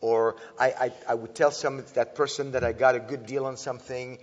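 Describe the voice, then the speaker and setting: A man giving an earnest, animated talk to an audience, often restarting his sentences and filling pauses. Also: medium pitch. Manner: earnest, with frequent restarts and filler sounds. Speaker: speaker teaching about antisemitism. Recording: dull lo-fi sound with long hall reverb.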